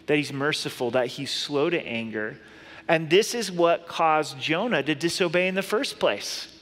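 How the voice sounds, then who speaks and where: A middle-aged man preaches from the pulpit, his voice sitting a little high for a man. He talks in an earnest, conversational way and drops in playful asides. His words ring out with the long reverb of a big hall. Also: a bit bright. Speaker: pastor. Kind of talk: sermon.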